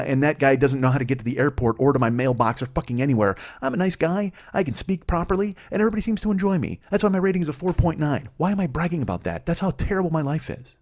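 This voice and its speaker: A man's voice: on the high side, a little mellow. A man in his forties from Illinois hosts a comedy podcast, telling rambling, heavily profane, self-mocking stories. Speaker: podcast host. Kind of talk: comedic storytelling monologue.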